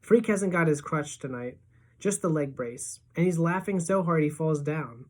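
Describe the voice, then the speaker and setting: A woman teacher reading a novel aloud to her class in a lively storytelling manner. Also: deep voice, normal speed.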